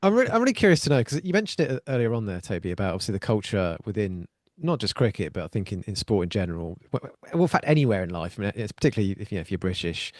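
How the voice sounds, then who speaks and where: A man from Wales, hosting a podcast and asking rambling, animated questions. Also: on the low side, racing, few pauses, dry recording, studio quality. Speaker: podcast host. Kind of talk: casual podcast interview.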